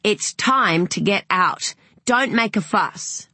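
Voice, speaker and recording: A woman voicing a frazzled young mother who speaks sternly and in a hurry, with a breathy voice. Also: medium pitch, animated, slow pace, pushed and bright, no echo, voice pushed up, heavily acted.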